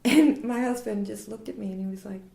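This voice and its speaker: In her forties, a woman recounts stories from her career as an interview guest, laughing often and acting out what people said. Her mid-range voice is gravelly and fairly quick, and the recording has a roomy echo.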